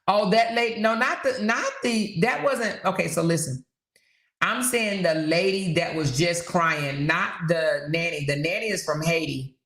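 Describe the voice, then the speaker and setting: A woman's voice: on the low side, a little slow, a bit bright, reverberant. A woman hosting a casual livestream, chatting and reading viewer comments aloud. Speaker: livestream host.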